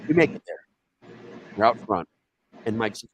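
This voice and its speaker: A man from Ohio with an Ohio accent telling a wild personal story in casual, animated talk, swearing freely and jumping up in pitch when quoting himself. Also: a little slow, pauses often, breathy edge, no room sound, low-quality recording.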